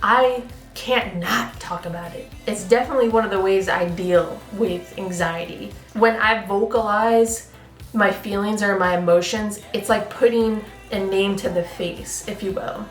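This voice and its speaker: A woman's voice: medium pitch, measured pace. Chatty woman vlogging in an echoey room. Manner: chatty and expressive, many "like" fillers. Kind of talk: casual chat to camera. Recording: echoey room with faint music.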